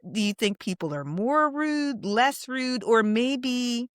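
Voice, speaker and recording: A woman's voice: a little high, expressive, slow pace, clear, resonant tone, no echo, studio quality. A woman co-hosting a podcast, chatting casually and asking thoughtful, open questions. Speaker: podcast co-host. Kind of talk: casual chat.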